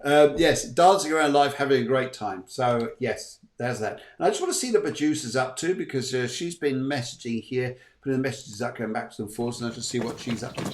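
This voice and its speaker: A man's voice: mid-range voice, fairly quick, hardly any pauses, reverberant, a little hiss or hum. A man hosting a live psychic reading show, chatty, upbeat and encouraging. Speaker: psychic medium host.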